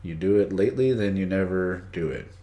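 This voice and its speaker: A man's voice: low-pitched, brisk, highs cut off. A man teaching English idioms on a live stream, chatty, greeting viewers by name and reading the chat aloud. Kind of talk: casual live-stream lesson. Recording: echoey room.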